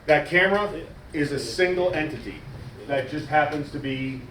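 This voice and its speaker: A man coaching wrestling promos in casual, animated talk, demonstrating cadences and coaxing a student. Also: on the high side, normal speed, a little hiss or hum. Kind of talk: casual teaching. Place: wrestling school training room. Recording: echoey room from far off.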